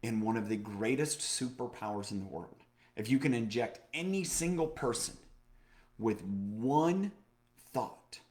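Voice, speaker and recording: A man co-hosting a casual chat show, telling a personal story in a lively, motivational way, with many fillers, restarts and repeated phrases. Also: on the low side, unhurried. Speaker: podcast co-host.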